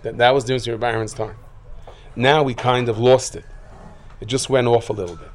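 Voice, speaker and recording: A man giving a sermon full of stories, acting out voices and rising to loud bursts. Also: mid-range voice, brisk, a little hiss or hum. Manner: lively storyteller who acts out quotes, rising to loud outbursts. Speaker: rabbi giving a talk.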